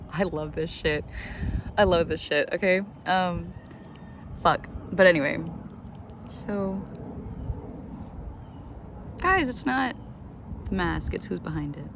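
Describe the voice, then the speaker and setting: A woman vlogging outdoors in the sun, rambling excitedly about her life, saying "like" constantly and swearing freely. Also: on the low side, slight background noise. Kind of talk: casual self-talk vlog.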